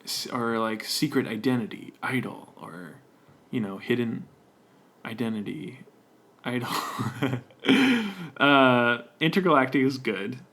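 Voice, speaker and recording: A man chats loosely on a comedy podcast, rambling and joking. He laughs often. His voice sits at a middling pitch. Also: unhurried, fairly bright tone. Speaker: podcast co-host. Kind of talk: casual comedic chat.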